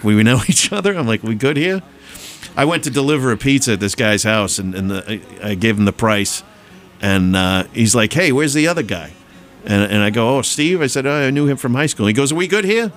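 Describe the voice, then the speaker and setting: A man hosting a podcast in casual chat, telling rambling anecdotes with lots of restarts. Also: lowish voice. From Boston area. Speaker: podcast host.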